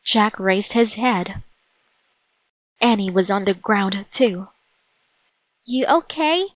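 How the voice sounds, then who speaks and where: A woman reading a children's chapter book aloud as narrator, in a slow, deliberate storytelling manner. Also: medium pitch, steady tone, dry recording, highs cut off. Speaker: storybook reader.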